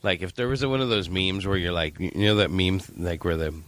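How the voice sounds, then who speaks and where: A man's voice: low voice, brisk, no echo. A middle-aged man co-hosting a casual podcast, telling a family story and acting out the quotes. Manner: animated storyteller, acts out quotes. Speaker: podcast co-host. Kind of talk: casual chat.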